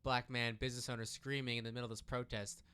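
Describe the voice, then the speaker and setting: Co-hosting a casual political chat, a man speaks fast and animatedly, frequently breaking off and restarting sentences. His mid-range voice is bright and forceful, with smooth, crisp clarity.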